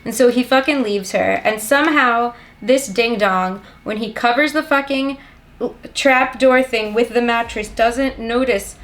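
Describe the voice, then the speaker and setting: A woman's voice: on the high side, measured pace, a bit bright. A young woman giving a rambling, sarcastic and profane comedic plot summary of a film. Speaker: comedic movie recapper.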